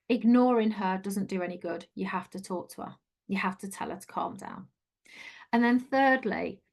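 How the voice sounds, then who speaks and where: A woman's voice: mid-range voice, gravelly. A middle-aged woman giving an online coaching talk, chatty, earnest and encouraging. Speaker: life coach.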